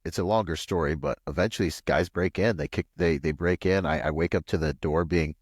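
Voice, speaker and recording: A man from Washington State, a podcast guest, telling a long personal story in a rambling, animated way full of "like" and "you know.". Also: a little fast, no room sound, studio quality. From Washington State, USA. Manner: acts out quoted voices with pitch jumps. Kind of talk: casual storytelling interview.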